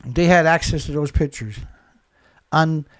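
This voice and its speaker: A man's voice: on the high side, moderate pace, darkish tone, dry recording. Angry ranting man, dry close sound. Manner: repetitive, rhetorical questions. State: congested, blowing nose. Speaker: live show host. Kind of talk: impassioned live commentary.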